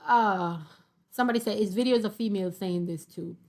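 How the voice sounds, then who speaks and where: A young woman, reading viewer comments aloud in a sassy, animated casual commentary. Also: medium pitch, a little fast. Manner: sassy, animated, laughs often.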